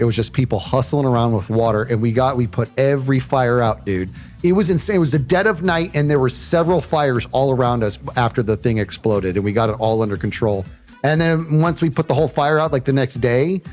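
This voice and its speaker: A man telling a story on a livestream in a casual, animated way, often saying "dude" and acting out what people said. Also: mid-range voice. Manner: animated, says "dude" and "bro" often, acts out quotes.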